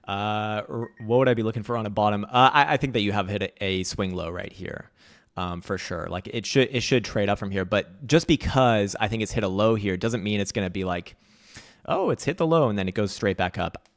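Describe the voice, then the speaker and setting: Man, low voice, casual rambling market commentary, profane, dry close sound. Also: brisk, no room sound. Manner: loose, profane, rambling with fillers. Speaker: market analysis streamer. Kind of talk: casual livestream chart commentary.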